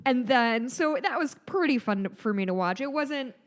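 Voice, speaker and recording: A woman's voice: high voice, lively intonation, moderate pace. A woman in her thirties, co-hosting a podcast, talks through stories in a casual, rambling way with plenty of fillers and laughs. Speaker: podcast co-host. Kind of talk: casual chat.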